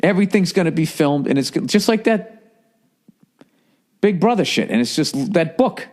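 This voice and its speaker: A man, talking in a rambling, profane, animated monologue as a podcast host. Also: a little high, normal speed, long pauses. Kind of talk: casual monologue.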